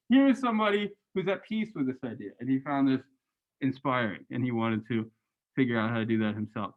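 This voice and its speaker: A man lecturing a university class and going over graded answers, animated and chatty, often adding "right?". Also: on the high side, brisk, narrow, tinny audio. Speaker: university religious studies lecturer.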